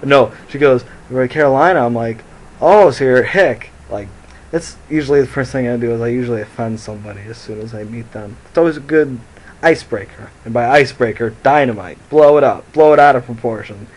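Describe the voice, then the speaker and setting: A man's voice: medium pitch, fast talker, a little mellow, poor audio. A young man telling a rambling, profane story into his phone and laughing at his own jokes. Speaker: vlogger. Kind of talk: casual storytelling to camera.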